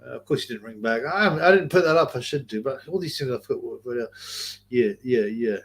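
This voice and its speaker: A man's voice: medium pitch, fast talker, slight background noise. A man hosting a casual livestream, rambling, swearing freely and laughing often as he tells stories and reads questions. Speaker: livestream host.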